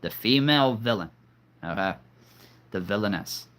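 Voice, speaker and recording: Bright-voiced, rambling male streamer. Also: fairly low pitch, expressive, normal speed. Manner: rambling and talkative, with many fillers and restarts. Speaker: live streamer. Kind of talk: casual live-stream chat.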